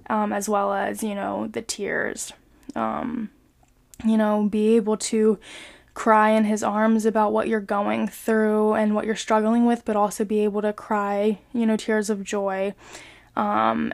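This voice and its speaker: A woman's voice: medium pitch, gravelly. A young woman talking casually and earnestly about her faith, hesitant and full of filler words. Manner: hesitant, full of ums and you-knows; earnest, soft-spoken. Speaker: vlogger sharing a faith reflection. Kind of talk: casual devotional talk.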